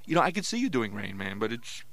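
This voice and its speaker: Ventriloquist guy hosting a comedy podcast, punny straight man, lively up and down voice. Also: medium pitch, quick pace. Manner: jokey, punning, deadpan straight man.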